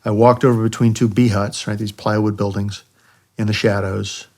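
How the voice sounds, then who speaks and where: A man's voice: fairly low pitch, flat delivery, normal speed, darkish tone. A middle-aged American man, a retired army helicopter pilot, recounting combat missions as a podcast guest in a conversational way, often saying "you know.". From United States. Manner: conversational, acts out quoted voices, frequent "you know". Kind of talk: candid war storytelling. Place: podcast studio.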